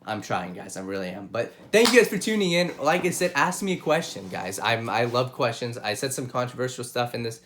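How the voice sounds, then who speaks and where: A man's voice: medium pitch, big pitch swings, brisk, few pauses, background noise. A young man hosting his own sports show, talking straight to viewers in an impassioned way and repeating points for emphasis. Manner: impassioned, repeats himself, addresses viewers directly. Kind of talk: solo sports commentary and opinion.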